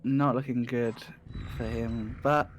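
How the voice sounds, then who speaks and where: A man's voice: mid-range voice, fairly even intonation, takes it slowly. A man with a British accent giving live speedrun commentary, chatty and self-deprecating. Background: music.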